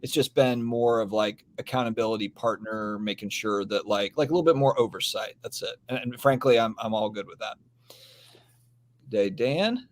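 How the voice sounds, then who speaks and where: A man's voice: fairly low pitch, fairly even intonation, brisk, hardly any pauses. A man hosting a casual live stream, rambling easily and greeting viewers from the comments. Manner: laid-back, rambling, reads out viewer comments. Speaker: podcast host.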